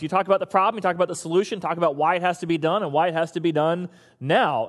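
A middle-aged man preaching a sermon in a conversational, humorous way, with lively bursts. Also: high-pitched. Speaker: pastor.

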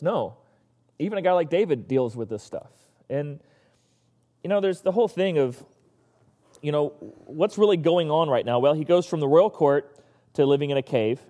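A man's voice: a little high, fast, darkish tone, in a large hall. A male pastor giving a casual, conversational sermon and acting out the voices of the people he talks about.

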